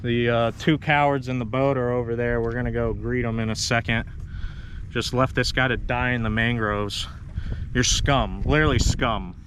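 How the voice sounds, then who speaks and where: A man's voice: medium pitch, little pitch movement, normal speed, fairly bright tone, a little hiss or hum. A man on a boat out on the water, furious and swearing in a live clip.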